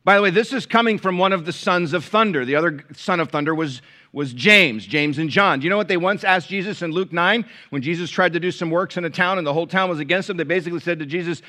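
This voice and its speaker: Preacher swinging from loud to hushed. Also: male voice, high voice, fast talker. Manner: preaching with big swings from loud emphatic peaks to hushed tones. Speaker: pastor. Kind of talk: sermon. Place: large church with balcony, live congregation.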